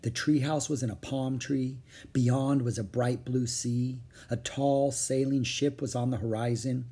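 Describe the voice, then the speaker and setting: A man reading a children's chapter book aloud with expressive, varied intonation. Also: mid-range voice, measured pace, husky. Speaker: audiobook narrator.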